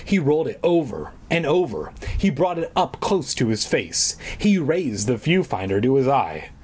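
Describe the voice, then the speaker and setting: A man's voice: mid-range voice, big pitch swings, normal speed, darkish tone, husky. A man reading a children's book aloud for laughs, breaking off for irreverent, swearing asides. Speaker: reader.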